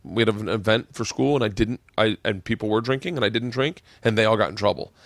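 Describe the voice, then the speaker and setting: Man telling loud profane stories. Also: lowish voice, fast talker, no echo. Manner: animated storytelling, acting out quoted voices; swears freely. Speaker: podcast host. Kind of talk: casual chat.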